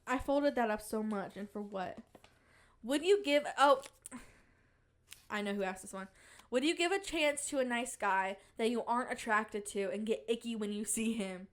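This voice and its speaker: A woman's voice: on the high side, normal speed. A young woman hosting a podcast in casual chat, playful and giggly, bragging in a mock-dramatic way. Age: young adult. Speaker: podcast host.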